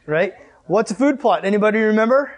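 Animated high-pitched youth pastor, a man. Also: a little fast. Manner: animated storyteller, acts out dialogue with loud exclamations. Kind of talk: youth group sermon.

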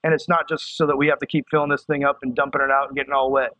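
A man preaching a sermon to a youth crowd, animated and building to excited emphasis. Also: medium pitch, rapid-fire, dry recording. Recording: dry, dull muffled sound.

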